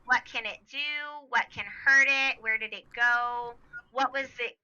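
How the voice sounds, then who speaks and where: A woman's voice: fairly high pitch, fairly even intonation, measured pace, pushed and bright, clear, resonant tone. A woman narrating as game master of a tabletop game, chatty and full of fillers, heard on a dull lo-fi recording. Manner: chatty, many fillers and restarts, laughs easily.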